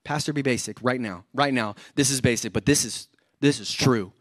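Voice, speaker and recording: A man preaching a humorous sermon as pastor, energetic and joking, often acting out everyday complaints. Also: mid-range voice, normal speed, no echo. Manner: energetic, joking, self-described overcaffeinated; acts out everyday complaints in quoted voices.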